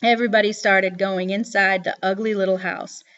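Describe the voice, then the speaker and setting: A woman reading a novel aloud as audiobook narration, with lively storytelling. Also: mid-range voice, moderate pace, muffled recording.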